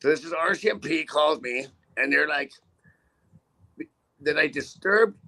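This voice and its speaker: Man, trucker, casual rant, high bright gravelly voice, rambling, profane. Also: a little slow. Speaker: trucker guest.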